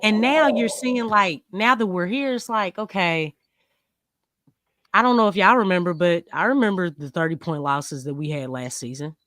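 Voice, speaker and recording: A woman's voice: on the low side, moderate pace, a bit bright, dry recording. Emphatic woman in a dry room. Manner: emphatic, argumentative. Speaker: co-host. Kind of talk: casual sports chat.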